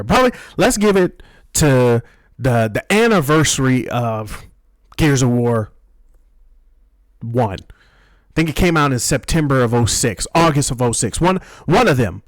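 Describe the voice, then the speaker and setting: A young man ranting casually about a video game, profane and excitable, rambling and restarting his sentences. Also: mid-range voice, measured pace, pauses often, dry recording. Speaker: gaming video host.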